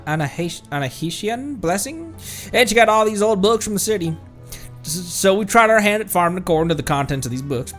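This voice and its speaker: A man's voice: fairly high pitch, a bit bright. A man voicing a polite, grim crocodile farmer in a put-on swamp drawl, stumbling over a few words.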